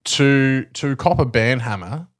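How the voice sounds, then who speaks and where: A man's voice: mid-range voice, animated, measured pace. A man co-hosting a podcast, joking around and swearing casually. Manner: laid-back, swearing, joking banter. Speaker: podcast co-host. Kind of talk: casual chat.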